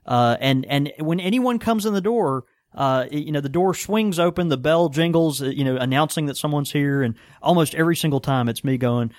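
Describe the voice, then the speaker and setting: A man's voice: fairly high pitch, a little fast, hardly any pauses, no room sound, studio quality. A man, co-hosting a casual podcast chat and laughing easily between thoughts. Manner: laughs often, animated impressions. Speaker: podcast co-host and pipe shop keeper.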